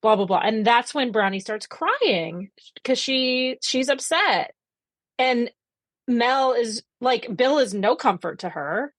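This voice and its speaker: A woman's voice: on the high side, takes it slowly, no room sound. Woman animatedly recapping a TV episode. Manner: animated storytelling, quotes characters, swears for emphasis. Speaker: podcast co-host. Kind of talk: casual chat recapping a TV episode.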